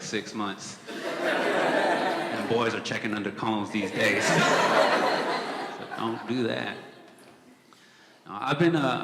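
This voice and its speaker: A man's voice: mid-range voice, noisy background. A young man performing a stand-up comedy set, telling stories in a casual, profane way with dry asides. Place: comedy club stage before a live audience. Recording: echoey hall with audience laughter.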